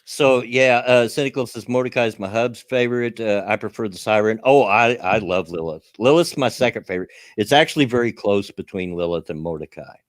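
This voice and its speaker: A man's voice: lowish voice, brisk, hardly any pauses, no echo, clean studio sound. A man with a Southern US accent hosting a casual chat stream, rambling about games and chuckling often.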